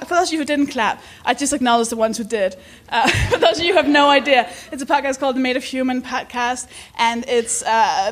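Live podcast host, woman, high giggly voice, swears, self-deprecating. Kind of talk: live podcast chat before an audience.

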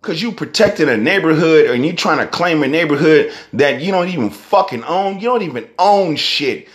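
Profane Bay rapper ranting heatedly. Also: male voice, fairly high pitch, lively intonation, moderate pace, few pauses. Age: young adult. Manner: heated, profane and repetitive, with rhetorical questions.

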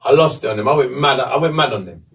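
A man, a podcast host telling a story casually, animated and swearing. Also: mid-range voice, fast talker, distant mic.

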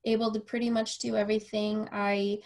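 Speaking briskly in a mid-range voice, a woman who is a personal trainer and podcast host tells a casual story. She's animated, acts out quotes from the dialogue, and uses frequent fillers.

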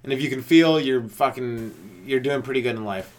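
A man's voice: mid-range voice, animated. Rambling man riffing stand-up. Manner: rambling, profane, tangent-chasing; slips into quick voices of others. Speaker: stand-up comedian and podcast host. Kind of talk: improvised solo comedy rant.

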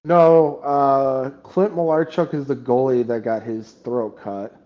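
A man's voice: mid-range voice, fairly even intonation, slow pace. Man on a dull lo-fi podcast mic. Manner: laughs while telling stories, hockey talk. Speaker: podcast co-host. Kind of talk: casual chat.

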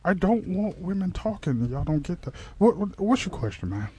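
A man's voice: high-pitched, very animated, mellow, a little hiss or hum. A man playing a pompous, stammering pastor in an improvised radio comedy sketch. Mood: irritated. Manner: stammering, bossy, quick to snap. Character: pompous male pastor of an odd church.

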